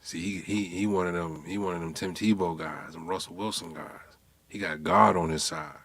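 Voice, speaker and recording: Man, casual sports chat, animated, storytelling, swears, does impressions. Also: sits low, normal speed. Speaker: podcast co-host.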